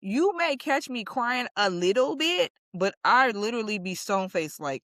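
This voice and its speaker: A woman's voice: on the high side, very animated, normal speed, a bit bright, dry recording, clean studio sound. A woman co-hosting a podcast, speaking bluntly and candidly in casual conversation. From United States. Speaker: podcast co-host.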